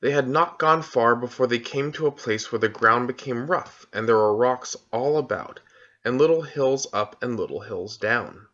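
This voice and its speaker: A man narrating a children's storybook aloud in a calm, measured reading voice, on a dull lo-fi recording. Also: mid-range voice. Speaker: audiobook reader.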